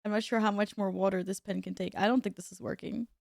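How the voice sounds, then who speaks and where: A woman's voice: mid-range voice, fairly even intonation, quick pace, gravelly, no room sound, clean studio sound. A woman streamer chatting casually with her viewers while gaming at home, laughing often and reacting aloud.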